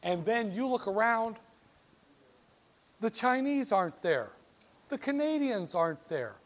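A man with a high-pitched voice teaches finance to a classroom at a measured pace. He's an animated lecturer who teases his students and quizzes them with jokes between the math.

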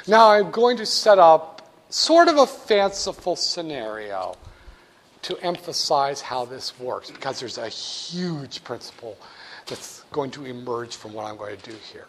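A man giving a classroom lecture in an animated, joking way, talking straight to his students. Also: medium pitch, a little slow, slight background noise. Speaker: teacher.

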